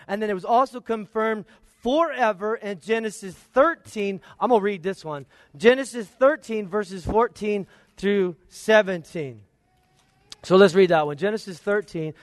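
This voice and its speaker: A man preaching a sermon, reading scripture aloud and explaining it, with emphatic swings in pitch and pace, often asking his listeners if they agree. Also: no echo, clean studio sound. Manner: expository Bible teaching, reads scripture aloud and asks listeners to agree.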